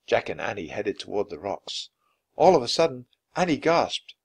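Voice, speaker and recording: A man reads a children's adventure story aloud. His delivery is expressive and dramatic. His pitch moves freely over a wide range. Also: normal speed, vocal fry, husky. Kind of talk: children's book read-aloud.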